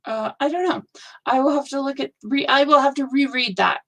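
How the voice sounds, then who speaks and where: A woman's voice: sits high, fairly quick. A woman hosting a live stitching show, gushing over viewers' projects with gasps and exclamations. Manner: gushing, excitable, lots of gasps and "oh my gosh". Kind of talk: live show-and-tell chat.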